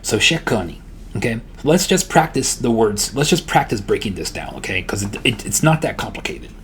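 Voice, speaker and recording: A man teaching a language lesson in a casual, relaxed way, repeating words slowly and often checking in with the listener. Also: fairly low pitch, a little hiss or hum. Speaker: language tutor.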